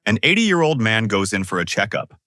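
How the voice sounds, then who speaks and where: A man telling a string of jokes in a lively, scripted narration. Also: fairly low pitch, brisk, dry recording, studio quality. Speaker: joke narrator.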